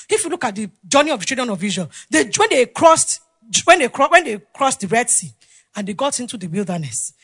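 Woman preacher, high lively voice, dry close sound. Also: breathy edge, dry recording. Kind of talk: sermon.

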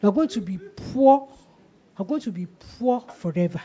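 A woman voicing a scornful male devil who taunts in a low tone, on a dull lo-fi recording. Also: animated, moderate pace, warm tone, husky. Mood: taunting.

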